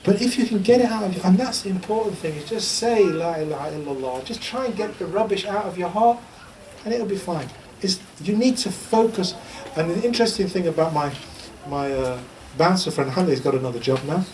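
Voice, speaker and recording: A man's voice: high-pitched, fairly quick, a little mellow. A man giving an informal religious teaching talk in a lecture room, chatty and humorous, telling stories and repeating a chant. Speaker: Islamic teacher. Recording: distant mic with faint background noise.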